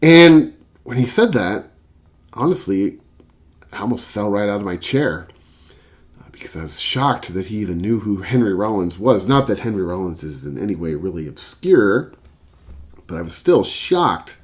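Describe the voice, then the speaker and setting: A low-pitched man talks casually, his pitch swinging widely as he tells a story. He rambles with lots of fillers, in a loose, chatty vlog style about records. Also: normal speed. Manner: rambling, filler-heavy, animated anecdote. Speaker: record collector and vlogger. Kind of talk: casual storytelling and album review.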